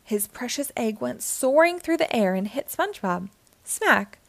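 A woman narrating a children's storybook aloud, with an expressive, clear delivery. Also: fairly high pitch, measured pace, no echo. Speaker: children's book reader.

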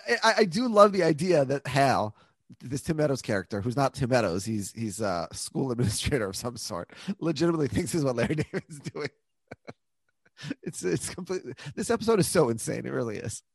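A man co-hosting a podcast in casual chat, arguing points quickly and laughing often. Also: medium pitch, sing-song, husky, no echo, studio quality. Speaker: podcast co-host.

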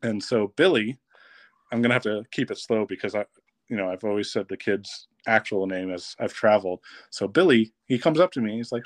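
A man, a guest on a podcast, tells a funny camp story in a lively, casual way and laughs as he goes. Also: lowish voice, fairly quick, dry recording. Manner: lively, laughs while telling stories.

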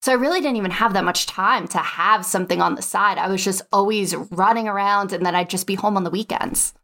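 A woman's voice: mid-range voice, a little fast, bright, forceful tone. A young adult woman, a podcast guest, telling her story in a casual interview and acting out her own past dialogue.

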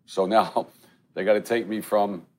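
A man's voice: on the low side, steady tone, a little slow, darkish tone. A middle-aged man, telling stories bluntly and swearing freely in a casual chat at a restaurant. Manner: profane, blunt, street-talking. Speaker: podcast co-host.

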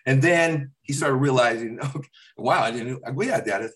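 A man's voice: mid-range voice, normal speed. A middle-aged man chatting casually, telling stories about his family with lots of acted-out dialogue. His voice jumps up and down as he slips into the other people's parts. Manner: animated storyteller acting out his dad's lines. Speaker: comedian guest. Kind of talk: casual storytelling chat.

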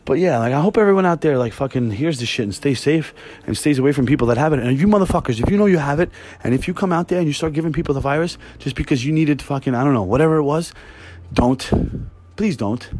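Fast-talking, swearing man ranting. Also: a little high. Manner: rambling, heavy swearing, animated. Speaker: podcast host. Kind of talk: casual profane rant. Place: at home.

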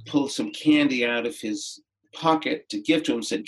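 A middle-aged man, a podcast guest, telling a personal story in a gentle, unhurried, reflective way with pauses and restarts. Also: medium pitch, low-quality recording.

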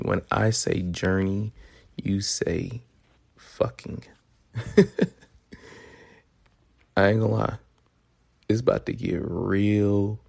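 Gravelly young man hosting a podcast. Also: lowish voice, darkish tone. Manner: loose and profane, halting with repeated words. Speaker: podcast host. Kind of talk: casual solo podcast monologue.

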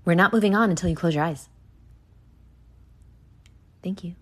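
A young woman hosting a solo podcast, ranting with heavy profanity and swinging between hushed asides and loud outbursts. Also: lowish voice, moderate pace, pauses often. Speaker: podcast host.

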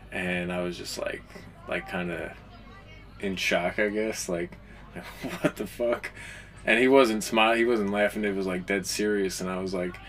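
A young man telling a personal confession in a halting, casual way, with many fillers and restarts. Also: on the low side, fairly bright tone. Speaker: caller confessing a story.

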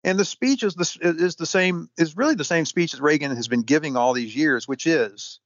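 A man answering interview questions at length, halting often with fillers and restarts. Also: a little high, no room sound. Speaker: historian guest. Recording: dull, lo-fi sound.

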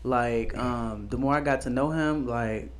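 Soft-spoken guy in his 20s rambling on a podcast, lots of likes and ums. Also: mid-range voice, unhurried, slight background noise. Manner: rambling, full of "like" fillers. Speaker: podcast co-host. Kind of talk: casual podcast chat.

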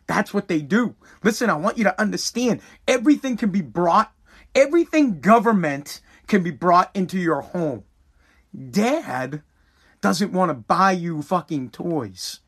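A man rants bluntly and profanely in casual talk. His voice sits high. It sounds husky. He speaks with heat. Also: lively intonation, measured pace. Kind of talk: casual political rant.

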